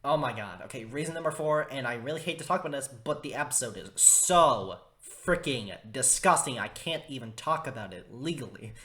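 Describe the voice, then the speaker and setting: A man's voice: medium pitch, lively intonation, a little fast, hardly any pauses, a bit bright. A young man reviewing a cartoon episode in a casual, rambling way, full of fillers and restarts, with exaggerated disgust. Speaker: video reviewer.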